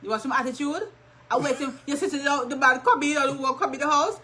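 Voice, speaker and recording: A woman's voice: high voice, quick pace, sharp tone, poor audio. A woman co-hosting a casual advice talk, speaking emphatically and repeating her key points. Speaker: co-host.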